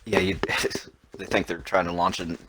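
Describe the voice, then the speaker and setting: A man's voice: sits low, moderate pace. A man co-hosting a casual chat podcast, tossing in dry, wisecracking remarks. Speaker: podcast co-host. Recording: steady background noise.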